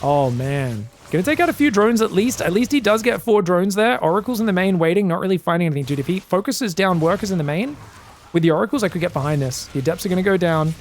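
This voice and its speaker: A man giving solo commentary on a strategy game match, excitable and chatty, bursting into shouted reactions and talking straight to his viewers. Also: sits high, fast talker, slight background noise. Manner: chatty asides, addresses viewers as guys. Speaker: esports caster.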